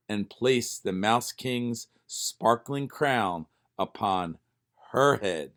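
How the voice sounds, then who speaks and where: A man reading a children's storybook aloud with expressive narration. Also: lowish voice, extremely slow. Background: faint music.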